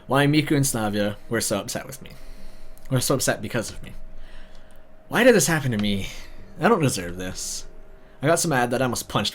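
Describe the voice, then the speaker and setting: A man's voice: mid-range voice, fairly quick, long pauses. A man reading a visual novel story aloud, breaking in with sarcastic comments. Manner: sarcastic asides, animated. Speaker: video narrator.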